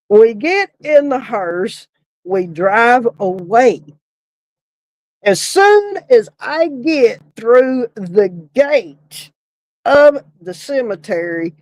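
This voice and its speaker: A woman's voice: a little high, no room sound, low-quality recording. A middle-aged woman, telling a story in casual podcast chat, laughing often and swearing casually. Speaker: podcast co-host, former funeral director.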